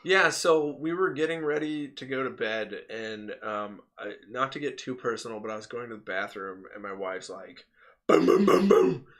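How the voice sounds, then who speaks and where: A man co-hosting a podcast in casual chat, telling animated stories, laughing often and mimicking the people in them. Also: fairly low pitch, moderate pace, hardly any pauses. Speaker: podcast co-host.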